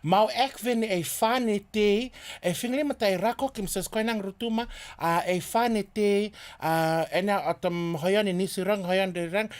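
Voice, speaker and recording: Laughing radio host chatting between songs. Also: male voice, high voice. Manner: switches between languages, laughs often. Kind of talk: casual radio chat.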